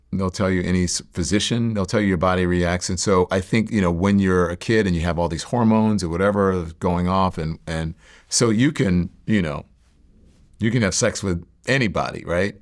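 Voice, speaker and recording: A middle-aged man as an interview guest, candidly telling personal stories in a reflective, halting way with many fillers and restarts. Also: deep voice.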